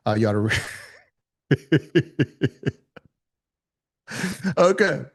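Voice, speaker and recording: Energetic man coaching a live workshop. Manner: high-energy, calls on attendees by name, call-and-response; casual colloquial delivery. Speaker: speaking coach. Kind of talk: live online workshop teaching.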